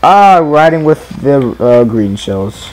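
Mellow young man streaming a kart race. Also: mid-range voice, sing-song, takes it slowly, soft background music. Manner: chatty, self-deprecating, talking to viewers while playing. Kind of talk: casual gameplay commentary.

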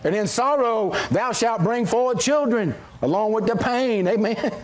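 A middle-aged man preaches from the pulpit in a drawl, his voice sitting noticeably high for a man. He reads scripture in old-fashioned cadence and breaks off into folksy, joking asides to the congregation. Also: unhurried. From South Carolina. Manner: jokey, folksy, playful with the congregation. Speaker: assistant pastor. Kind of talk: sermon. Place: church sanctuary.

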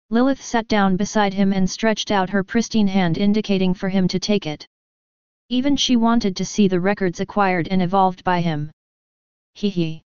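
A woman narrating a web novel audiobook in an even, steady reading voice. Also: mid-range voice, smooth, no room sound, highs cut off. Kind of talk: scripted narration.

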